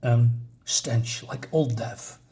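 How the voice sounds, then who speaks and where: A man's voice: medium pitch, very slow, mellow. A man voicing an earnest, resolute adult male superhero in dramatic inner monologue.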